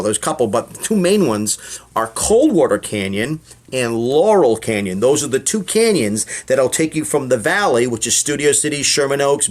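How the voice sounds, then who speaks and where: Chatty comedian with a lively voice. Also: male voice, mid-range voice. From Boston. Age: middle-aged. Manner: rambling, chatty, with many fillers and name-dropping asides. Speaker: comedian and guest. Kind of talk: casual interview storytelling.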